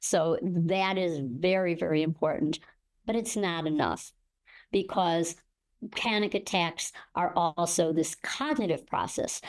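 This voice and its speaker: Older woman explaining breathing, low-voiced. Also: a little slow. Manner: demonstrates gasps and breathing while explaining. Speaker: guest expert on panic and breathing. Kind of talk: explanatory interview talk.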